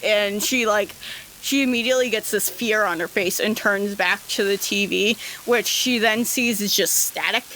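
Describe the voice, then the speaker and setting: A woman's voice: medium pitch, normal speed, pushed and bright, slight background noise. A woman narrating a tabletop game as game master, rambling with many fillers.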